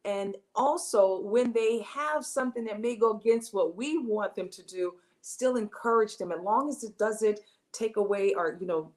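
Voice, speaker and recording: A woman hosts a talk show with an affirming, encouraging manner. Her voice sits at a middle pitch for a woman, and she stresses her points with emphasis. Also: moderate pace, a little mellow. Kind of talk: casual talk-show chat.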